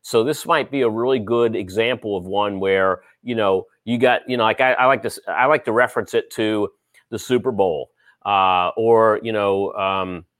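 A man's voice: lowish voice, moderate pace, fairly bright tone, no echo. A man hosting a casual trading show, talking through stocks in a rambling way with many fillers and sports analogies. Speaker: host. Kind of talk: casual market commentary.

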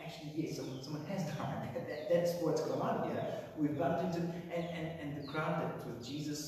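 A man preaching a sermon, telling a story with lively voices for the crowd and slipping from playful to somber. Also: high-pitched. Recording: very echoey hall, mic far off.

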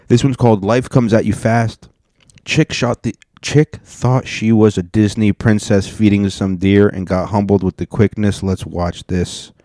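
A young man hosting a podcast, telling stories and reacting to videos in an animated, swearing, joking way. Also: on the low side, no echo, clean studio sound. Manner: animated storytelling, swearing, acting out people. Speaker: podcast host. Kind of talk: casual reaction commentary.

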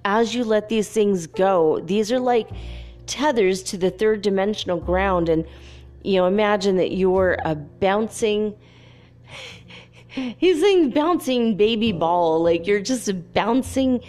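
A woman's voice: mid-range voice, unhurried, a little mellow, faint music behind. A woman giving a casual, chatty spiritual channeling talk, often giggling as she relays messages aloud.

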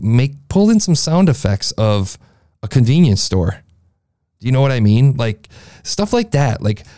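A man with a gravelly, mellow voice gives an enthusiastic, rambling podcast review. He circles back on his points as he talks. He is heard dry and close through a processed studio mic. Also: mid-range voice, no room sound. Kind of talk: casual review commentary. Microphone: processed studio mic, beefy sound.

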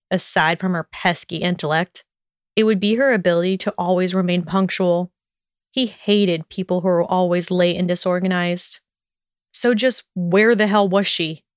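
A woman narrating a story in a measured, steady reading voice. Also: fairly low pitch, clean tone, no room sound, clean studio sound.

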